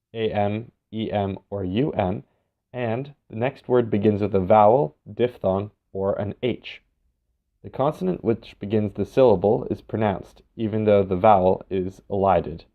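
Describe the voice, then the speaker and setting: Low-voiced man narrating a lesson. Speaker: instructor. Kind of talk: scripted educational narration. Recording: dull, lo-fi recording.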